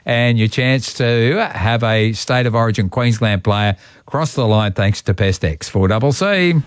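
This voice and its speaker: A man's voice: on the low side, unhurried. A man with an Australian accent hosting casual talkback radio, chatting with callers in a matey way. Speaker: radio host. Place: radio studio. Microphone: studio microphone.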